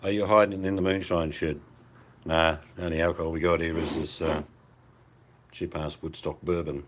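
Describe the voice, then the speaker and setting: Over mobile data on a phone video call, an older man with an Australian accent joins a casual hangout from his fireside at home, full of relaxed, rambling mateship talk. He delivers it flat at a moderate pace in a rumbling low voice, with slight background noise.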